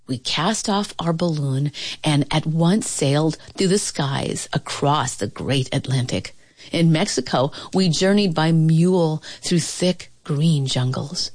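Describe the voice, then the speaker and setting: A woman reading a picture book aloud in an expressive, playful way, with laughs and dramatic pauses. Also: deep voice, no echo, clean studio sound. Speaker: storybook reader.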